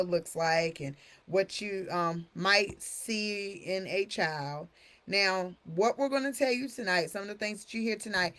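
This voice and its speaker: A woman's voice: medium pitch, fairly bright tone. A woman hosting a live stream talk, chatty and familiar, calling her viewers honey. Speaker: host.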